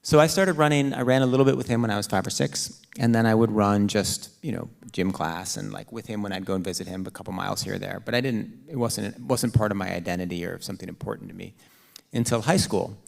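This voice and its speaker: Low gravelly-voiced man telling stories. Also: quick pace. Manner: animated storytelling with frequent "like" and "right?". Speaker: author and runner. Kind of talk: onstage conversation. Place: auditorium stage.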